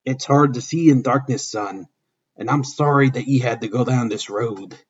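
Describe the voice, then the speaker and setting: A man voicing an aging father wrestler, speaking softly and solemnly in a husky voice, on a dull lo-fi recording. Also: mid-range voice, normal speed, close to an everyday voice.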